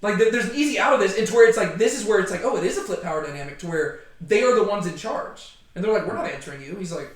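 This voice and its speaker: A man leads a relaxed Bible study with a group, chatty and animated. He acts out the quotes he tells and keeps asking questions. His voice is fairly high and echoes around the room. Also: quick pace, few pauses. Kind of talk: casual group Bible teaching.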